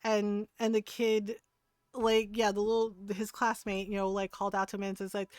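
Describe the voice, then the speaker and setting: A woman casually telling a funny family story to her stream chat, laughing often and acting out the others in lower voices. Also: level tone, moderate pace, no room sound.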